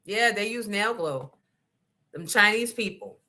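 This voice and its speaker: In an expressive, unhurried mid-range voice that sounds pushed and bright, a female podcast host tells candid, profane stories. She keeps things casual and regularly speaks directly to her listeners.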